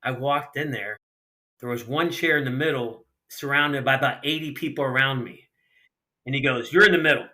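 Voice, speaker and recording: A man's voice: mid-range voice, moderate pace. A middle-aged man from Ohio, a retired racer, telling casual stories on a podcast and acting out the dialogue of the people in them. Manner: animated anecdotes with lots of acted-out dialogue and casual slang. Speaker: guest, retired sprint car racer. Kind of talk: casual storytelling in a podcast interview.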